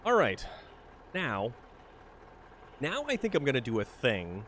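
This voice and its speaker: A man's voice: mid-range voice, huge pitch swings, a little slow, fairly bright tone, a little hiss or hum. A man streaming a truck game, chatting casually and rambling to himself about his moves. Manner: rambling, self-amused, muttering to himself. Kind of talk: casual gameplay commentary.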